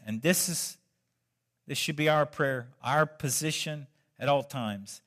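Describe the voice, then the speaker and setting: A man's voice: on the high side, measured pace, a bit bright. Conversational male pastor with joking asides. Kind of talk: sermon.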